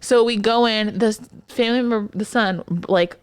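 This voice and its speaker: A woman's voice: on the high side, fairly even intonation, normal speed, clear, resonant tone, dry recording. A woman co-hosting a podcast, telling a work story in casual chat. She is an occupational therapist who swears freely and acts out the quotes. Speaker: podcast co-host.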